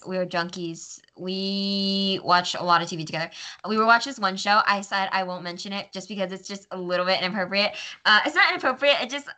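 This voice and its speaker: A woman's voice: medium pitch, sharp tone. A young woman co-hosting a podcast in casual chat, giggly and bubbly, with lots of "like" fillers. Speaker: podcast co-host.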